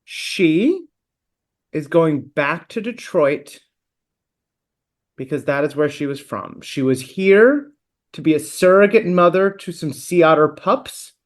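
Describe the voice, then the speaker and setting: Podcast co-host, male, lively swooping delivery, wordy and playful. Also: fairly high pitch, slow pace. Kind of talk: casual chat.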